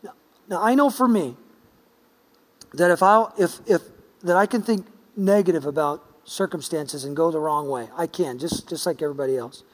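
High-voiced pastor in a reverberant hall. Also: male voice, normal speed. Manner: playful, chatty, with quoted dialogue. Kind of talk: sermon with storytelling. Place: church sanctuary. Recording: long church-hall reverb.

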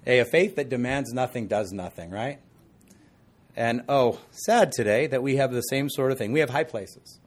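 Middle-aged man, pastor, expository sermon, conversational, animated, jokey asides, mid pitch. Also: moderate pace.

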